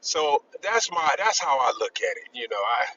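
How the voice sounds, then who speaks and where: A man talks in a loose group discussion, his fairly high voice bright and lively as it swings up and down. He rambles and restarts often, pushing his points with emphasis. The audio is slightly dull and lo-fi, with faint noise behind. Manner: rambling, halting, with many restarts. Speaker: discussion panelist.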